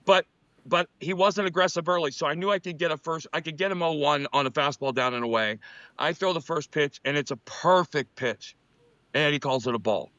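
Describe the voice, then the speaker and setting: A former pitcher telling animated baseball stories in a casual chat, often restarting his sentences. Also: fairly quick, no room sound, dull audio. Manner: animated anecdotes, frequent restarts. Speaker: former MLB pitcher, co-host.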